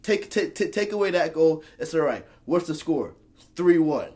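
Young man, fairly high voice, animated and argumentative, lots of restarts. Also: normal speed. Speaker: podcast co-host. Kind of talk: casual sports banter.

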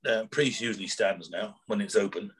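A man's voice: on the low side, normal speed, breathy edge. A man, a former prison officer, telling rambling anecdotes in casual chat, acting out quoted dialogue with chuckles.

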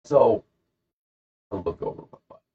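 A man's voice: a little slow, mellow, muffled recording. A man hosting a podcast, casually telling a rambling, jokey story and acting out the characters. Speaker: podcast host.

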